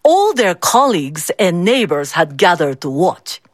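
A woman reading a folk tale aloud as a storybook, slowly and expressively. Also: fairly low pitch, no echo, clean studio sound. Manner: slow, expressive, switches into character voices.

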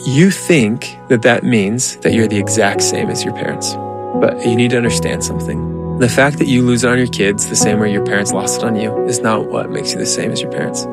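A man's voice: on the low side, fairly quick, over loud music. A man in his thirties, a therapist, telling stories earnestly in a conversational interview. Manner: earnest, animated storytelling. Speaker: therapist and parenting guest.

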